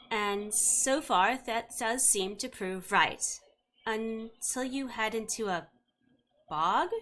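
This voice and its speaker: A woman's voice: medium pitch, a bit bright. A woman narrating a tabletop game as game master, with wry asides to the players.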